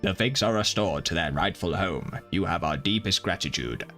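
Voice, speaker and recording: A man voicing an old, grave male lord from a game, with a solemn, stately delivery and a lowered voice. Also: animated, moderate pace, a bit bright, soft background music.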